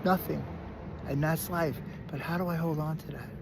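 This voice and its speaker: Gravelly Brooklyn man telling a story. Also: on the high side, normal speed, noisy background. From Brooklyn, New York. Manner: animated, restarts and repeats words. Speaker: recovery speaker. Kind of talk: casual storytelling monologue.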